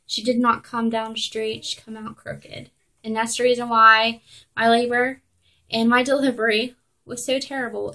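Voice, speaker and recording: A young woman vlogging at home, telling a personal story in a chatty way, full of "like" and "um" and quick laughs. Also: on the high side, pushed and bright, rough recording. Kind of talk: casual storytelling to camera.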